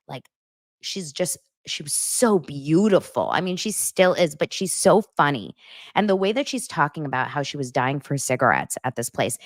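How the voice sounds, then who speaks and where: A chatty woman hosts a casual pop-culture podcast, her voice sitting low. She gossips freely and laughs along as she talks. The sound is close and dry. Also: no room sound. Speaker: podcast host.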